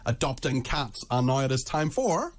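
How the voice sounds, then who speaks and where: A man hosting a live radio show, brisk and jokey, with lots of quick agreement while others speak. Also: medium pitch, sing-song. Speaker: radio host.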